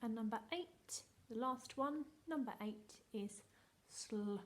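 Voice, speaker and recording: Slow sing-song woman teaching phonics. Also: fairly high pitch. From England. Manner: sing-song, slow and encouraging, drawing out letter sounds. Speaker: primary school teacher. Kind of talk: recorded phonics lesson for young children.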